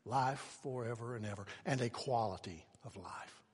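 Impassioned preacher in a reverberant hall. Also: male voice, medium pitch, normal speed, husky. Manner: swings from hushed to shouting for emphasis. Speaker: pastor. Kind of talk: sermon.

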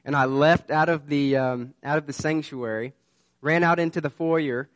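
A man's voice: fairly high pitch, fairly even intonation, normal speed, no room sound. Earnest preacher man, dry sound. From southern United States. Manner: earnest, conversational storytelling that builds to urgent warnings. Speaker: pastor. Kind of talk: sermon with personal storytelling.

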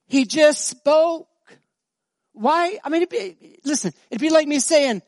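A male pastor preaching a sermon, swinging between soft, slow passages and loud, emphatic high-pitched stretches. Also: animated, no echo, clean studio sound.

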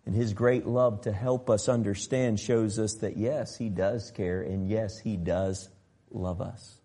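A man preaching a sermon, swinging from loud emphatic passages to quiet soft ones and acting out the voices of Bible figures. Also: fairly low pitch, fairly even intonation, a little slow. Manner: acts out biblical voices in an exaggerated tone. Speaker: pastor.

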